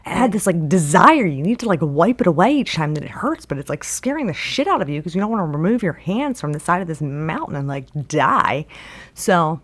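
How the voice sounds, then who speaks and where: Brief: woman storyteller, low voice, lively pitch swings, casual and rambling with lots of fillers. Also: brisk. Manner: rambling, heavy use of filler words.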